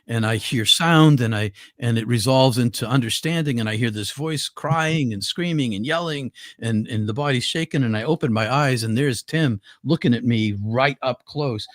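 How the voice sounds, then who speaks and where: An older man appears as a guest and tells a personal story earnestly and in vivid detail, often restarting and repeating words. His medium-pitched voice is expressive and brisk. The sound is studio quality with no echo.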